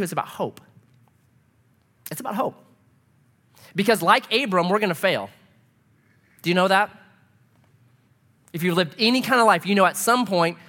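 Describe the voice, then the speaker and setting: A man in his thirties preaching a sermon, telling family stories and acting out the voices in them. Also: high-pitched. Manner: animated storyteller, acts out voices. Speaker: pastor.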